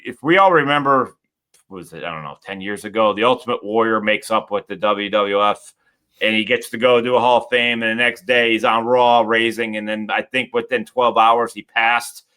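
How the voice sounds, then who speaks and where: Bright-voiced man, halting podcast chat. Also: fairly low pitch, smooth. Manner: halting, restarts, reflective and earnest. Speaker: podcast host.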